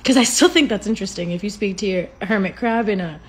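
A woman's voice: mid-range voice, quick pace, husky. A woman chatting casually on a phone livestream from home, rambling, swearing freely and laughing often.

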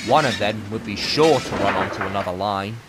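A man narrating a children's storybook in an expressive, animated reading. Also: on the low side, brisk, very noisy.

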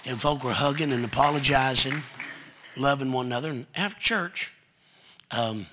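Folksy Kentucky preacher with a husky voice. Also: male voice, mid-range voice, moderate pace. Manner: folksy, joking, builds to loud preaching. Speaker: guest preacher. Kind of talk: storytelling sermon.

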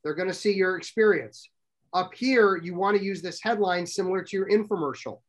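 A middle-aged man presenting a workshop to a live audience, brisk and direct, often asking the audience questions. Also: high-pitched.

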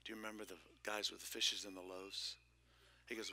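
A man preaching a lively sermon as pastor of a church, shifting between loud exclamations and hushed whispers with playful asides. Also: fairly low pitch, normal speed, pauses often, background noise. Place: church sanctuary.

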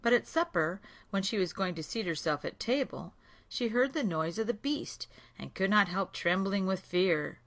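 A woman narrating a fairy tale aloud in a slow, clear reading voice. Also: medium pitch, expressive, fairly bright tone.

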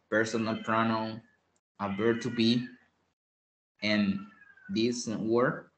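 A male English teacher who is a Spanish speaker, giving an online lesson. He repeats phrases patiently, switches between English and Spanish, and often clears his throat. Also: mid-range voice, slight background noise. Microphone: online class call. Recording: roomy echo.

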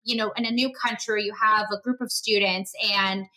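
A woman's voice: mid-range voice, fairly even intonation, moderate pace, pushed and bright, low-quality recording. A woman hosting a casual interview, chatty and affirming as she asks questions. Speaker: podcast host.

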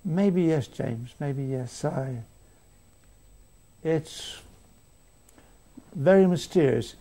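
Older man with a gravelly voice. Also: a little high, very slow, dark tone. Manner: rambling, self-mocking anecdotes with chuckles. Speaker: interview guest. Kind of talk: conversational interview. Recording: archive broadcast.

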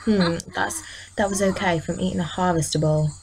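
A woman hosting a casual let's-play, chatting along as she plays and scolding her game characters out loud. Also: lowish voice, fairly even intonation, normal speed, creaky, crowd noise. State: tired, yawning. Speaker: gaming channel host.

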